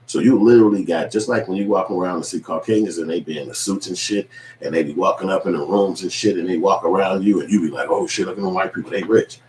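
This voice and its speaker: Deep-voiced man in casual profane recap. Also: quick pace, a little mellow, far from the mic. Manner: profane, loose storytelling with acted quotes. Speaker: online show host. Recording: echoey room with faint ambient noise.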